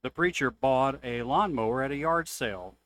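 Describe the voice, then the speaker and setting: A man reading church jokes aloud as a co-host, in an unhurried storytelling delivery. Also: mid-range voice, a bit bright, dry recording.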